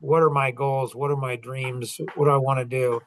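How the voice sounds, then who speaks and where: A man's voice: medium pitch, flat delivery, moderate pace, slight background noise, low-quality recording. A middle-aged man coaching in a casual chat, rambling through stories with many fillers and restarts. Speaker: business coach and podcast host.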